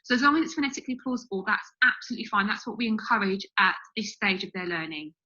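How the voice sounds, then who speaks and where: A woman's voice: medium pitch, lively intonation, fast, sharp tone, muffled recording. A woman teacher explaining a writing method to parents, step by step with the odd filler.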